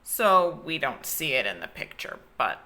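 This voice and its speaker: A woman's voice: deep voice, big pitch swings, unhurried, sharp tone. A young woman teacher reading a picture book aloud to children, stopping to explain new words.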